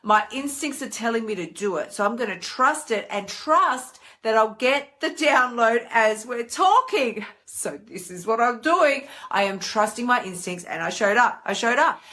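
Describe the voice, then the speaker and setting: A woman hosting a live stream, talking in a chatty, animated way and leaping into high voices when she acts out her inner thoughts. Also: moderate pace, hardly any pauses. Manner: chatty and animated, with big pitch swings for acted inner voices. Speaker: host. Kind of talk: casual live-stream monologue.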